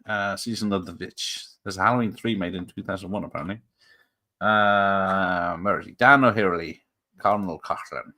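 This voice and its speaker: Guy rambling on a live stream, slightly low voice, lots of ums and little laughs. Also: normal speed, pushed and bright. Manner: rambling, chuckling, with many fillers and restarts. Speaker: host of a live show. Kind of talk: casual live-stream chat, reading comments.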